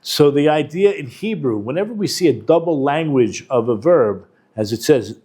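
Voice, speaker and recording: A man's voice: medium pitch, very animated, normal speed, mellow, slightly rough. A man, a rabbi and educator, giving a conversational Torah lesson and working through texts with Hebrew terms and quotes. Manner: informal, with restarts and asides to the class.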